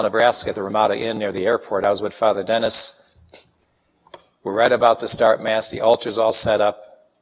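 A man from Chicago delivers a sermon in a fairly low voice, telling homely anecdotes and acting out the people in them. His voice carries a long reverb from a large hall. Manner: folksy, animated anecdotes with acted-out quotes. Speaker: preacher. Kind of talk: sermon with storytelling.

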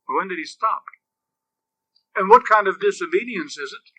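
A man preaching a sermon as a priest, grave and slow at times, lively and animated when he tells stories. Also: high-pitched, no echo, low-quality recording.

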